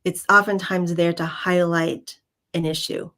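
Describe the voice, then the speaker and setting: Soft-spoken woman reading cards. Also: lowish voice, fairly even intonation. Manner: warm, halting, many ums and restarts. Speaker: co-host and card reader. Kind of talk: casual livestream chat.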